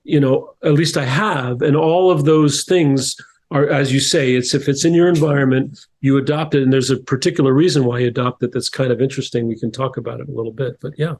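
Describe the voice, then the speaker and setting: This middle-aged New Jersey author and coach, a podcast guest, talks a little fast in a mid-range, darkish voice with fairly even intonation. He thoughtfully tells stories in a casual interview, restarting often and repeating words.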